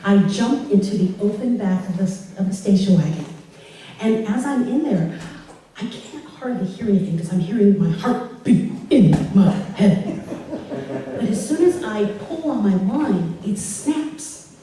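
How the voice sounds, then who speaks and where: Animated woman telling a story in an echoey hall. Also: medium pitch, measured pace, far from the mic, slight background noise. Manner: animated, laughing through the telling. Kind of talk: live personal storytelling. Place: live storytelling event in a hall.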